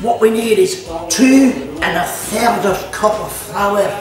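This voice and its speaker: A man's voice: sits high, slow, crowd noise. A man with a Scottish accent hosting a casual cooking demonstration, chatty and sprinkling his talk with "all right" and "aye". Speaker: cooking show host. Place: kitchen at an activity centre. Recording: echoey room, mic far off, music behind.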